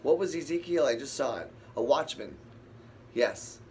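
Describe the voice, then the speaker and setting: A man's voice: medium pitch, animated, normal speed, darkish tone. A man leading a casual Bible study, rambling, thinking aloud and answering the verses he reads. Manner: rambling, thinks aloud and talks back to scripture.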